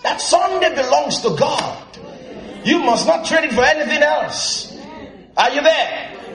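A man preaching a sermon as pastor, asking the congregation if they are listening and breaking into shouted emphasis, recorded in a church. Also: extremely high pitch, measured pace. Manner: lively preaching with frequent call-and-response questions to the congregation; frequent bursts of shouted emphasis. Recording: roomy echo of a church hall.

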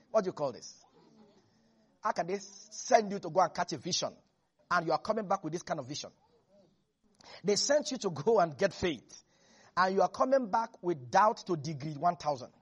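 A preacher gives an animated sermon, laughing often and acting out the quotes in the scripture. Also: mid-range voice, normal speed, long pauses, husky.

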